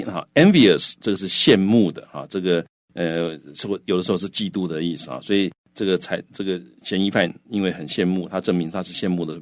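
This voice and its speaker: A man teaching English vocabulary in a bilingual lesson, patient and steady, with frequent filler sounds and slowed English terms. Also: sits low, dry recording. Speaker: English teacher explaining in Chinese.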